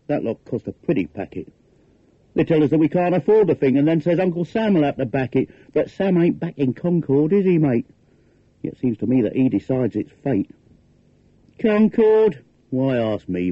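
An actor doing a grumbling wry Cockney bloke. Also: male voice, mid-range voice, very animated, moderate pace, no room sound, dull audio. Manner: wry, grumbling, rhetorical questions. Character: grumbling working-class London man, wry and cynical. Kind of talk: comic verse reading in character.

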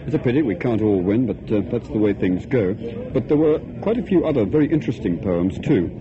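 A radio phone-in host with a lowish voice chats in a polished, genial manner, reading out numbers and thanking guests. The broadcast sounds dull and old, with a clear hiss behind it. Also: male voice, lively intonation, fairly quick. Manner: polished, genial presenter patter. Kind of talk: live radio presenting.

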